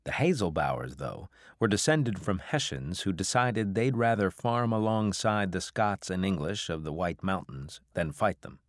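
A man reading a novel aloud as an audiobook narrator, in a measured, even way. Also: low voice, no room sound, clean studio sound. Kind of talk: scripted narration.

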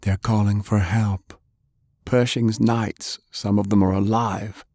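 An actor playing a male mage straining through pain, slow and halting, in a fantasy audiobook. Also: lowish voice, level tone, darkish tone, no echo, studio quality.

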